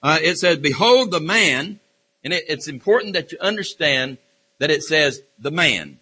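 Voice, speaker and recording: A man's voice: on the high side, animated, sharp tone, husky. A man preaching a sermon with passion, often stumbling and restarting his phrases. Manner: impassioned, halting with repeated restarts and fillers. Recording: reverberant hall.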